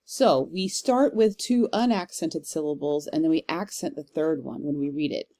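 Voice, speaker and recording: A woman teaching a literature class in a recorded lecture, talking casually and reading verse aloud with a slow stressed rhythm. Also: low-pitched, warm tone. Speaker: literature instructor. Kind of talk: recorded lecture on poetic meter.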